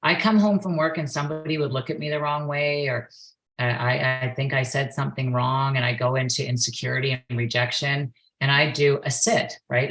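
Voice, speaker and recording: A woman's voice: a bass voice, low-quality recording. A woman in her forties, a guest on a podcast interview, earnestly telling a personal story and now and then acting out her own past outbursts. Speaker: guest, perception facilitator and yoga instructor.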